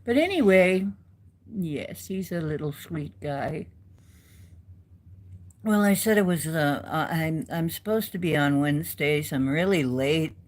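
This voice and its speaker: A woman's voice: low voice, expressive, a little slow, darkish tone. A woman hosting a casual livestream, chatting in a rambling way and replying to viewers in the chat. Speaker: livestream host.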